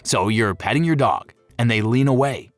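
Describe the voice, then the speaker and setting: A man's voice: medium pitch, expressive, moderate pace, no room sound, soft background music. A man giving scripted narration for a pet-care video, playful and fond of jokey asides.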